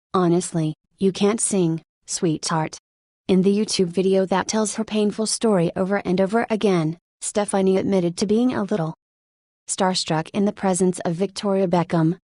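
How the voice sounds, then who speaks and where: A woman narrating a nonfiction audiobook in an even, measured reading. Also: mid-range voice, no room sound.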